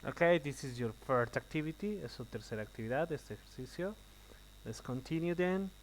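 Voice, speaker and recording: A man's voice: fairly high pitch, lively intonation, poor audio. Man teaching English. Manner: explains slowly, repeats in Spanish. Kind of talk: classroom explanation, switching to Spanish.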